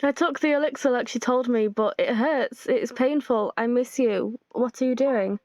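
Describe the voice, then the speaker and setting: A woman's voice: on the high side, normal speed, darkish tone, no echo. A woman playing through a story game, reading all the characters' lines aloud herself and adding her own comments. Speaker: gamer reading a visual novel aloud. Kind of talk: playthrough narration voicing every character.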